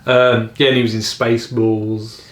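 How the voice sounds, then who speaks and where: A young man co-hosts a casual film chat, rambling and laughing often. His fairly low voice has little pitch movement and a moderate pace, recorded in an echoey room with slight background noise.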